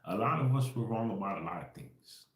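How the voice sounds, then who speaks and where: A man's voice: lowish voice, animated, brisk, roomy sound. A man hosting a livestream, talking in a slangy, insistent way and tagging most points with a question. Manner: insistent, repetitive, keeps asking "right?"; slangy, profane, laughs between points. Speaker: livestream host. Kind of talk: casual spiritual rant.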